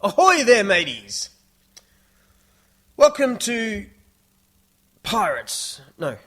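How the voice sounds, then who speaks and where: A man's voice: sits high, wildly swooping pitch, very slow, bright, forceful tone, pitched above the performer's own voice, full character voice. A man voicing a cheery male theme-park pirate show presenter with a showman's announcer delivery and an Australian accent. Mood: theatrical.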